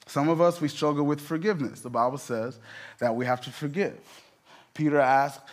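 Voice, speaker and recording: A man's voice: on the high side, moderate pace. A man, a pastor, preaching a sermon in a conversational way, with emphatic rising peaks and many asides.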